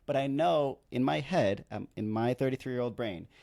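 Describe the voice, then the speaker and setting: A man's voice: medium pitch, moderate pace, vocal fry, darkish tone. A man in his thirties telling a story on a podcast in a rambling, self-deprecating way, with lots of "like". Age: 30s. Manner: rambling, chatty, self-deprecating, heavy use of "like". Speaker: podcast co-host and wedding videographer.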